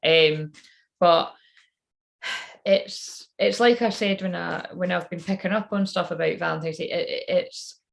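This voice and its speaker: A woman with a somewhat low voice rambles through a psychic reading in loose, casual talk. She swears without a second thought and keeps laughing at her own jokes. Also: a little slow, gravelly. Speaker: psychic reader channeling messages.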